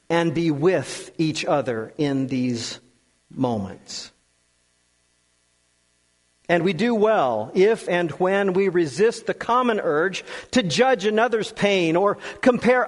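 A man with a fairly high voice preaches slowly and earnestly, leaving long pauses and letting key words sink low and soft. His voice rings out with a long reverb, as in a large hall. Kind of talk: sermon.

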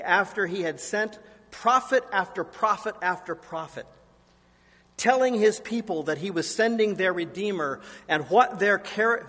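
Pastor, man in his forties, higher voice, preaches with self-deprecating family stories, long church reverb. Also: a bit bright. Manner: anecdotal, self-deprecating storytelling. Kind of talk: sermon. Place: church sanctuary.

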